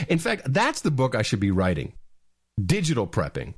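A man co-hosting a podcast, his mid-pitched voice swinging widely as he talks. He sounds emphatic and urgent, stacking up repeated words. The recording is close and dry. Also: a little slow, breathy edge, no room sound. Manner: animated, emphatic, repeats words when excited. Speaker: podcast co-host. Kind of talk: casual chat.

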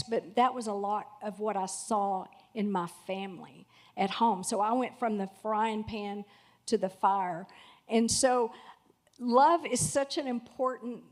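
A middle-aged woman tells her story to a congregation. Her voice sits a little high, and she speaks candidly and from the heart. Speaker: pastor's wife sharing testimony. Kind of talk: personal testimony.

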